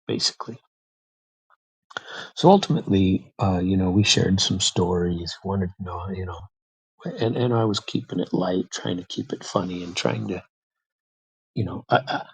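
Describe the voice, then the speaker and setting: A man's voice: low voice, fairly even intonation, moderate pace, creaky, slightly rough, rough recording. An American man hosting a show, telling a story in a casual, rambling way with many fillers and restarts. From United States. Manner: rambling, repeats words, frequent fillers. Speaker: podcast host.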